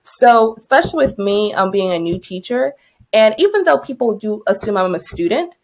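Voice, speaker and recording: A woman in her twenties, a new teacher co-hosting a podcast, telling stories in a casual, animated way and laughing often. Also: normal speed. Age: 20s. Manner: animated, laughs often, jumps high for quoted lines.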